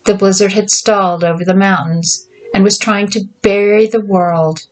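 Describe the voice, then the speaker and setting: A woman author reading her own story aloud in a measured, deliberate narration. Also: medium pitch, fairly even intonation, rough recording.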